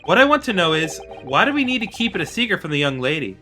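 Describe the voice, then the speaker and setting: A woman's voice: on the low side, sing-song, fast, pushed and bright, faint music behind. A woman voicing a nervous young male law student from a game, stammering anxiously.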